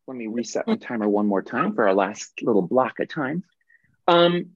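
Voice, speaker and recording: A man's voice: mid-range voice, husky, dry recording. A man leading a workshop on a video call, teaching in a conversational way and correcting himself as he goes. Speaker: workshop leader. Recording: dull dry video-call audio.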